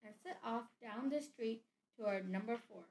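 A woman reading a novel aloud in a steady, plain storytelling manner. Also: fairly high pitch, normal speed. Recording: echoey room.

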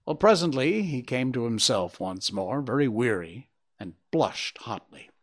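A man reading a classic story aloud as narrator, with expressive, dramatic, measured storytelling. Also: mid-range voice.

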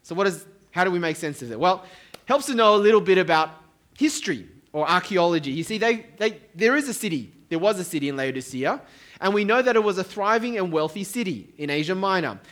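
A man's voice: high-pitched, animated, a little fast, fairly bright tone. A middle-aged man preaching a sermon to a church congregation, with a conversational tone and joking asides. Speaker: pastor. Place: church hall.

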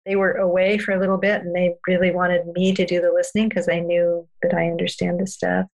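Woman guest, low gravelly voice, flat, earnest storyteller. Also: brisk, rough recording. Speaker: parenting guest expert. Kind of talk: storytelling in a podcast conversation.

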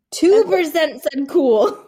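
A woman chatting casually with a friend, playful and quick to laugh. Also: high-pitched, mellow. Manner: playful, laughing often, rating people as cool or not. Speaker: co-host. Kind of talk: casual chat.

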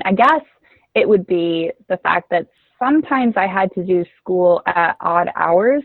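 A young adult woman, a former homeschooler, chatting casually as an interview guest with quick asides. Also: on the low side, no room sound. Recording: tinny phone-like line.

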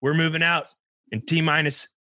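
A man's voice: a little high, flat delivery, normal speed, sharp tone, no room sound, studio quality. A man improvising a comedy scene as a commanding officer, briefing his team in a bossy tone that keeps asking "okay?".

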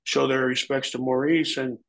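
A man's voice: mid-range voice, flat delivery, normal speed, vocal fry, rough recording. A middle-aged man, a former pro wrestler, telling rambling, profane stories in an interview, acting out the voices of people he quotes. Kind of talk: casual anecdotal storytelling.

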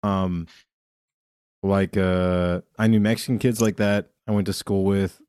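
A man's voice: low voice, fairly even intonation, a little slow, darkish tone, smooth, dry recording, studio quality. A man from Southern California, a podcast host telling profane, rambling stories with lots of laughter. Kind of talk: casual comedy chat.

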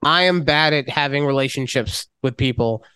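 A man co-hosting a casual podcast, telling a story in a profane and animated way. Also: medium pitch, normal speed, smooth, no echo. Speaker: podcast co-host. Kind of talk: casual chat.

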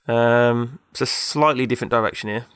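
A man's voice: mid-range voice, steady tone, a little fast, fairly bright tone, smooth, no echo. Rambling man telling a story. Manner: rambling, full of fillers and laughs. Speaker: podcast co-host. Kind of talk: casual chat and storytelling.

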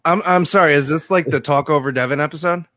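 A man's voice: fairly high pitch, quick pace, sharp tone. A man co-hosting a casual podcast chat over an online call, exasperated as he keeps trying to ask his question.

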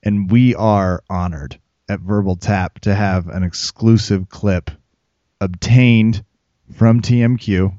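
A man's voice: on the low side, steady tone, slow, mellow, no room sound. A man hosting a podcast, announcing in a mock-serious news voice and bantering. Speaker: podcast host. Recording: dull dry lo-fi podcast audio.

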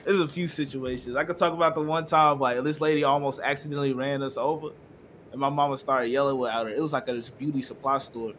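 A young man co-hosting a casual podcast, telling a story with loud, animated bursts and frequent laughter. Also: mid-range voice, fast talker, a little hiss or hum. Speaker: podcast co-host.

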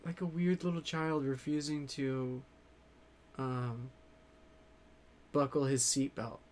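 A man talking loosely to his audience at an unhurried pace. He rambles and drops casual swears, stopping often on ums and restarts. His pitch sits in the middle range. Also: level tone, a little hiss or hum. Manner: rambling, swears freely, halting with many fillers. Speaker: vlogger. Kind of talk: casual chat to viewers.

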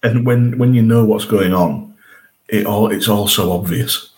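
A man's voice: on the low side, unhurried, darkish tone, low-quality recording. A man co-hosting a podcast, chatting eagerly about a TV episode and often restarting his sentences. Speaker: podcast co-host. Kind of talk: casual chat reviewing a TV episode.

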